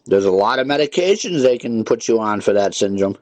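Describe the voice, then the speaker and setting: Low-voiced guy hosting a call-in radio show, dry close mic, grumpy and scolding. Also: expressive, a little fast, a little mellow, no echo. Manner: irritated, scolding callers, repetitive. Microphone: studio mic with headphones.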